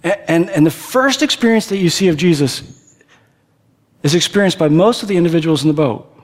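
A man preaching a conversational sermon, animated and playful, acting out the people in the story. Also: on the high side, fairly quick. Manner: animated, conversational, acts out characters' lines. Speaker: pastor. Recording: long reverb of a big hall.

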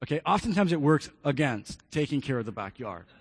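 A man's voice: mid-range voice, sing-song, a little fast, breathy edge, long reverb tail. A man in his thirties, a pastor, telling a personal story in an earnest sermon and repeating key phrases.

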